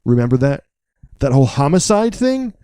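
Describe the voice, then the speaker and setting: A man co-hosting a podcast, recapping a film in a casual, wry, joking way with deadpan asides. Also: medium pitch, normal speed, clean tone, no room sound, studio quality.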